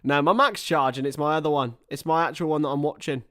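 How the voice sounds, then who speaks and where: A man's voice: fairly high pitch, steady tone, fast, fairly bright tone. A man giving casual, chatty live commentary on a football match while talking to his viewers. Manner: chatty, reacts to viewer chat between play-by-play.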